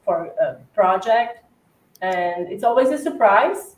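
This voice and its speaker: A woman's voice: medium pitch, lively intonation, takes it slowly. Woman, Slovak accent, chatty, laughs often, echoey room, far from the mic. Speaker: cookie decorator co-host. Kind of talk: casual livestream chat. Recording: roomy echo, distant mic, faint hiss.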